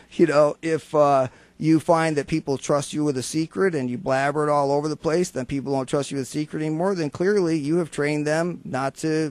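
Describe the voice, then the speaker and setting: Fairly high-voiced man, radio host. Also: no echo. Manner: storytelling, acts out quoted voices for humor. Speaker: radio talk show host. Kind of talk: motivational radio talk. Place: radio studio.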